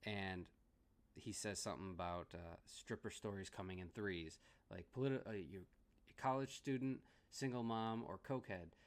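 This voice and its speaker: A man's voice: on the low side, moderate pace. A man giving a casual movie review, rambling and laughing often as he restarts his sentences.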